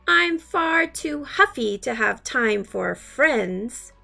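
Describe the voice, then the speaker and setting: A woman's voice: fairly high pitch, animated, takes it slowly, vocal fry, a bit bright, faint music behind, exaggerated voice. A woman reading a storybook, voicing a grumpy, huffy male buffalo with blustery declarations.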